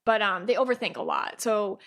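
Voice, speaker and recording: A woman hosting a podcast, talking in a chatty, animated way and acting out little quoted voices. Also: medium pitch, brisk. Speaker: podcast host, aura reader. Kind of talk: casual podcast talk.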